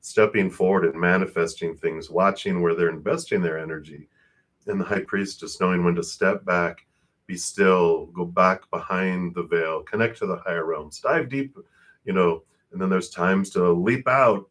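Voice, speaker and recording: Here a man with a low, steady voice does live tarot readings for an audience. He talks fast and warmly about energy and spirit, laughing often and remarking that he's out of breath.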